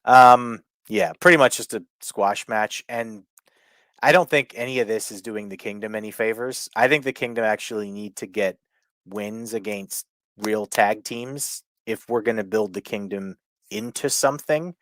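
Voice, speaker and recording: A man's voice: fairly low pitch, normal speed, a bit bright, no echo. A man co-hosting a podcast, recapping a wrestling show in casual chat, swearing and doing mocking impressions. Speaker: podcast co-host.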